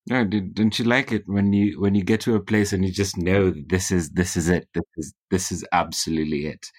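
A man hosting an interview, asking halting, conversational questions. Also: sits low, steady tone. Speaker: interview host.

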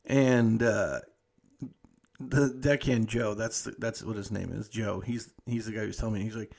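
A man's voice: on the low side, a little fast, creaky. Profane laid-back male podcast host. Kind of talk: casual storytelling monologue.

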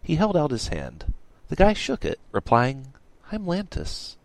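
A man reading an audiobook aloud in a playful, expressive way. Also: mid-range voice, unhurried, vocal fry, dry recording. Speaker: audiobook reader. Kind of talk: audiobook narration.

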